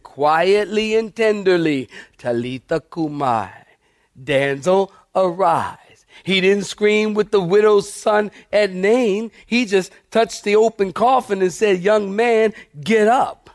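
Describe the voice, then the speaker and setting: A middle-aged man preaching a sermon as pastor, animated and talking straight to his congregation. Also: high-pitched, no room sound, clean studio sound.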